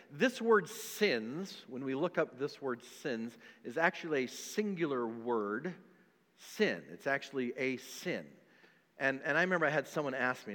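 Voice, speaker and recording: A man preaching a sermon as pastor, emphatic and repetitive, swinging between loud and soft. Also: medium pitch, animated, measured pace. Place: church sanctuary. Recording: long hall reverb.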